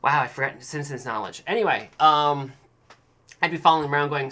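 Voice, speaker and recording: A man's voice: mid-range voice, a little fast, sharp tone. A man hosting a casual solo podcast, recapping a TV episode in a chatty, opinionated, rambling way with many fillers and restarts. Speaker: podcast host reviewing a TV episode.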